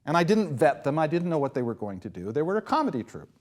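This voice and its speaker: A man with a fairly high, very lively voice tells a story on stage. He acts out what people said and swings his pitch widely. He is in an interview before a live audience. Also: fast talker. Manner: animated, acts out quotes with big pitch swings. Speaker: composer and performer, guest.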